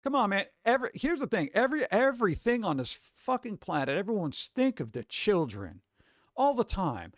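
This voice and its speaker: Guy riffing on the news, kinda high voice, goes off on rambling sarcastic tangents, dry close mic. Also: big pitch swings, moderate pace, no echo. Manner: rambling, sarcastic asides, frequent fillers and restarts. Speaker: host. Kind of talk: casual commentary reading news aloud.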